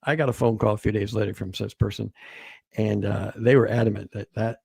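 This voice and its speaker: A man recounting events as a guest, halting and repeating words as he quotes what others told him. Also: fairly low pitch, level tone, vocal fry, mellow, slightly rough, dry recording. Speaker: guest author. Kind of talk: storytelling interview.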